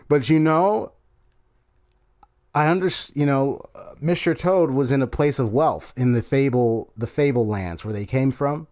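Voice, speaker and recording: A man's voice: medium pitch, lively intonation, takes it slowly, pauses often, darkish tone. A man streaming a game and giving casual commentary, rambling with many fillers and restarts.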